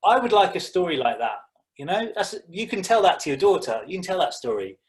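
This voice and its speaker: A young man with a British accent does stand-up over a video call. His voice is a touch high for a man. He tells his story dryly and pokes fun at himself. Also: sing-song, a little fast. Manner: dry, self-deprecating storytelling. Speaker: stand-up comedian.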